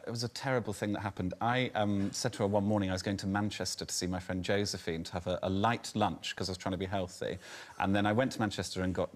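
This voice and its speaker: A man from Birmingham, a comedian guest on a talk show, telling self-mocking anecdotes in a deadpan way with cheeky punchlines. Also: low voice. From Birmingham, England. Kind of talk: anecdotal chat show storytelling. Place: TV studio with audience.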